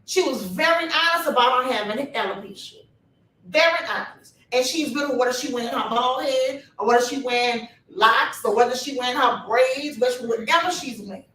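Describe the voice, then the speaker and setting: A woman's voice: sits high, a little fast, a bit bright. A woman speaking on a panel with fire and a preacher-like cadence, talking straight to her audience. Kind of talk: impassioned panel talk. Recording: echoey room from a distance.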